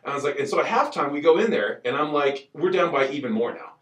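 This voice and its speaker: A man in a casual podcast chat tells stories with excitable energy. His pitch swings widely and sits a little high. He is recorded in an echoey room, somewhat away from the mic. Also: fast, recorded from a distance. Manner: animated, excitable storytelling.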